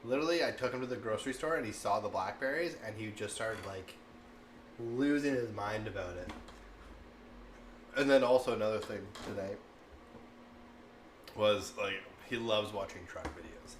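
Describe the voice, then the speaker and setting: A man's voice: lowish voice, moderate pace, pauses often. A man in his thirties chatting casually as a cooking streamer, rambling and laughing often, with lots of "like". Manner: rambling, animated, laughs often, says "like" a lot. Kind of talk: casual chat and storytelling. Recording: echoey room, faint background noise.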